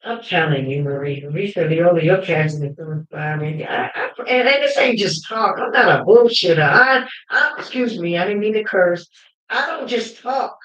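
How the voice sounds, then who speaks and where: A woman hosting a livestream, telling personal stories with emphatic fervor that at times rises to shouting. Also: fairly low pitch, animated, moderate pace. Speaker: livestream host. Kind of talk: fervent personal storytelling. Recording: roomy, dull lo-fi livestream audio.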